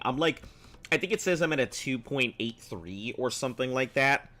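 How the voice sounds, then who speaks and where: A man streaming a game, thinking aloud and reading on-screen text in a casual, rambling way, with a slightly rough, throaty voice from clearing his throat often. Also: mid-range voice, animated, normal speed, pushed and bright. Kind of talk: casual gameplay commentary.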